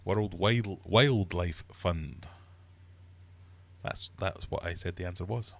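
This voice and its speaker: Hosting a live-streamed quiz from his fish room, a man reads out questions and teases the audience in a playful, mock-uppity manner. His voice is deep and creaky, and he speaks slowly.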